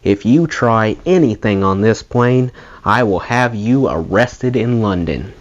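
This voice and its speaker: Guy doing an angry glowering airline captain, stern and threatening, low voice, dull lo-fi audio. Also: lively intonation, unhurried. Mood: stern threat. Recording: dull lo-fi recording.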